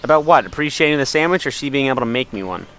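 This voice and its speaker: Dry, sarcastic young man, lively voice. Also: medium pitch, very fast, clear, resonant tone. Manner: dry, sarcastic, playfully grumpy. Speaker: co-host of a gameplay video. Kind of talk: casual gaming commentary.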